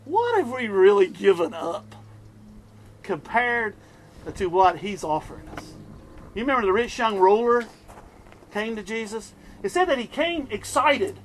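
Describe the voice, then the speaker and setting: A middle-aged man from the US East Coast preaching a sermon, telling stories in an animated way and chuckling often. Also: high-pitched, a little slow, a little hiss or hum.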